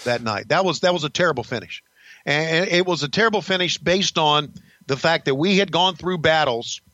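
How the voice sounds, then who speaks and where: A man's voice: a little high, animated, normal speed, sharp tone, dry recording, highs cut off. An older man, a podcast host, telling stories about his career in a blunt, profane, rambling casual way. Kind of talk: casual storytelling.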